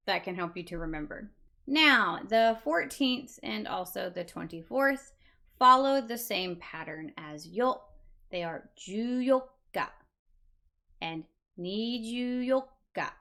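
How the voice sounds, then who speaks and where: Slow, patient woman teaching. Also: medium pitch, fairly bright tone. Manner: patient, repeats words slowly for learners. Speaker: language teacher. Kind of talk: beginner Japanese lesson.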